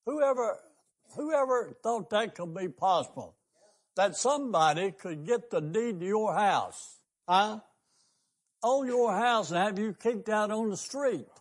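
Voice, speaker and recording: An older man with a drawl delivers a radio sermon. His fairly high voice climbs on emphatic, repeated questions, and he talks in the fervent manner of a country preacher. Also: animated, a little slow. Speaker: pastor and radio host.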